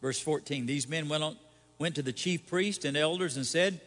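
A man's voice: on the high side, moderate pace, fairly bright tone, big-room sound. A man, a pastor, giving a conversational sermon with rhetorical questions and light humor.

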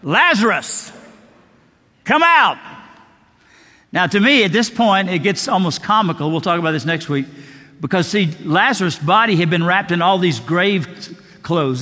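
A man's voice: high-pitched, fairly bright tone, big-room sound. A middle-aged male pastor preaching a sermon, telling a story and acting out the dialogue. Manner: storytelling, acts out quoted dialogue.

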